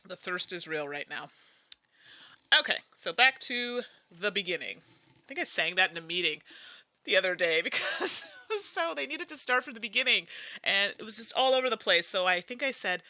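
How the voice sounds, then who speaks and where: A woman's voice: mid-range voice, lively intonation, normal speed, bright, forceful tone, no room sound. A woman hosting a solo board game playthrough. She talks through each move in a chatty, musing way, humming and laughing between moves. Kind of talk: casual think-aloud playthrough.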